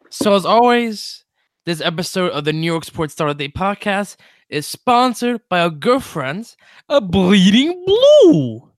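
A young man hosting a casual sports podcast, energetic and jokey, with quick stumbling restarts. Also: sits high, no echo, clean studio sound. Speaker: podcast host.

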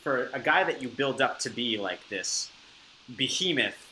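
A man in casual podcast chat, laying out his points in a measured, analytical way with the odd filler. His voice has a bright, forceful edge. A faint hiss runs under the recording. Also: medium pitch, lively intonation, rough recording. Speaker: podcast co-host.

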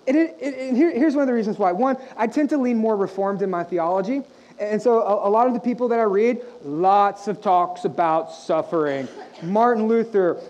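A young adult man, a pastor, preaching a sermon in a lively, conversational way, asking the congregation questions. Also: very high-pitched, low-quality recording.

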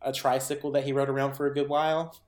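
A man's voice: medium pitch, fast talker. Man rambling through a movie retelling. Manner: animated rambling retelling full of "like"s. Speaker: podcast co-host. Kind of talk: casual chat. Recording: roomy echo.

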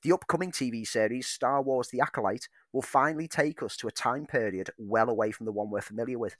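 A man's voice: mid-range voice, quick pace, dry recording, clean studio sound. Eager man hosting a film podcast. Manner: eager, enthusiastic. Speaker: podcast co-host. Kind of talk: casual film chat.

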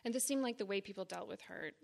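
Gravelly-voiced woman reading her memoir. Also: medium pitch. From Boston area, United States. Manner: deliberate, measured reading in short phrases with blunt frankness. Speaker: writer reading her own work. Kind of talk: live literary reading of personal memoir. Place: reading series event before an audience.

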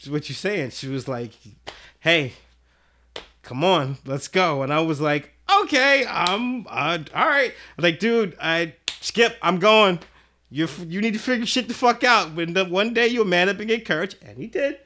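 A man's voice: high voice, a little slow. A man telling a rowdy, profane story in casual podcast chat, acting out what people said. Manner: animated, profane storyteller who acts out quotes. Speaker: podcast guest.

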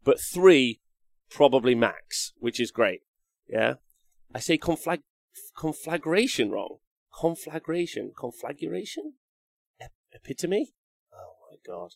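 An English man chats loosely about his hobby, rambling from point to point and joking at his own expense. His voice sits at a middling pitch. The sound is dry and close, with no room around it. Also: sing-song, a little slow, gravelly, pauses often, no room sound. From England. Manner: rambling, jokey, swears, reads chat comments aloud. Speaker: wargaming show host. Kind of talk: casual live-stream chat.

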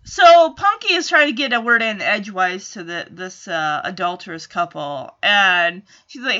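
High bright-voiced chatty woman recapping. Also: very animated, takes it slowly, lo-fi sound. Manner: chatty, quotes characters, frequent "like" and asides. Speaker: episode recap host. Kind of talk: casual episode recap.

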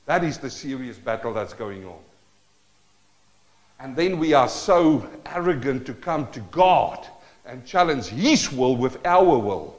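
A man's voice: mid-range voice, animated, measured pace, low-quality recording. A male pastor preaching a sermon, asking the congregation rhetorical questions and acting out prayers in shifting tones.

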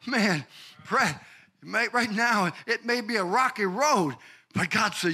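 An older man preaching a fervent sermon, calling out congregants by name and building to shouted climaxes. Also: high-pitched, animated, takes it slowly, slightly rough. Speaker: pastor.

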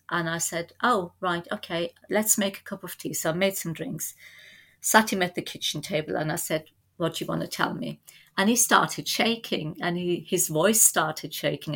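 A middle-aged woman telling family stories as a podcast guest, in a lively anecdotal way. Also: fairly low pitch, gravelly. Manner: lively anecdotal storytelling with laughs. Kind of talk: storytelling in a podcast interview.

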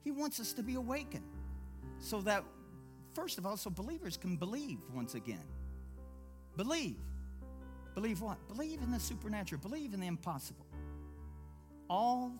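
A male pastor preaching a sermon, swinging from low, quiet asides to loud exclamations and mimicking whiny voices when he quotes people. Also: sing-song, moderate pace, pauses often, over music.

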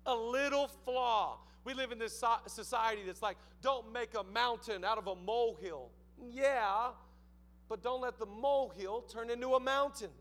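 A man preaching a sermon as pastor, telling stories with lively, acted-out voices. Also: extremely high pitch, moderate pace. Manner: animated storytelling, acts out voices.

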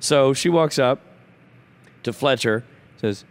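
A man co-hosting a casual podcast chat, a father telling jokey, animated stories about his kids. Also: medium pitch, moderate pace. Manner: joking storyteller, animated asides. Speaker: guest co-host.

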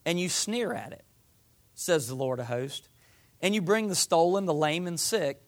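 A man's voice: on the high side, normal speed. A man preaching a sermon in a folksy, conversational way, reading scripture and acting out what people say. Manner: folksy, uses voiced asides for the people.

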